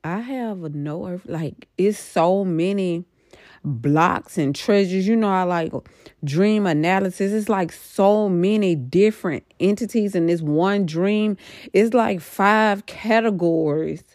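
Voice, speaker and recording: A woman's voice: on the low side, slow, darkish tone, no room sound, studio quality. A middle-aged woman casually recounting a dream in a rambling, emphatic way, full of fillers. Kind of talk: casual storytelling about a dream.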